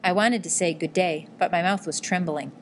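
A woman with a fairly low voice reads a memoir-style novel aloud in calm, measured narration. Her delivery stays gentle and even, and a faint hiss of noise sits beneath her voice. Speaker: audiobook narrator.

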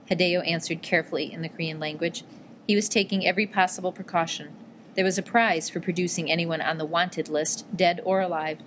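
Low-voiced woman narrating an audiobook. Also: steady tone, fairly quick, a little hiss or hum.

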